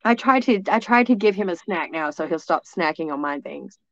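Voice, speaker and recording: A woman's voice: lowish voice, lively intonation, brisk, dry recording, dull audio. A woman from East Tennessee, telling a story as a guest in a rambling way, full of restarts and fillers. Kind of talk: casual storytelling.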